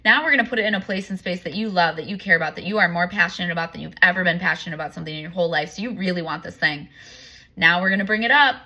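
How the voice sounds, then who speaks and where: A woman's voice: fairly low pitch, racing, bright, forceful tone. A woman coach speaking in a candid, confessional monologue, long-winded and rambling as she works through her points. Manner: earnest, confessional. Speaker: empowerment coach.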